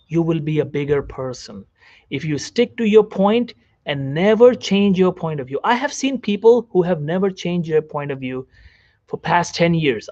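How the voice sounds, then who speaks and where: A male doctor offers a self-help psychology talk while seated, addressing the camera directly with repeated phrases and questions for the viewer. His voice is high-pitched and a little mellow, with no echo and lo-fi sound.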